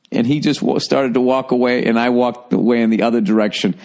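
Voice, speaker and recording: A man's voice: medium pitch, steady tone, fairly quick, a little mellow. A man in his forties, a comedian hosting his podcast, telling a rambling, profane story in a sarcastic, casual monologue. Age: 40s.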